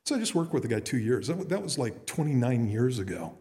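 A man's voice: medium pitch, very animated, fast talker, dark tone. A middle-aged man, a pastor, preaching earnestly in a conversational way with frequent restarts. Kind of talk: sermon. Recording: long reverb in a hall.

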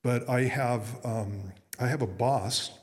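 A man's voice: mid-range voice, takes it slowly. A middle-aged man, a pastor, preaching earnestly in a conversational way with frequent restarts. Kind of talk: sermon. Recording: long reverb in a hall.

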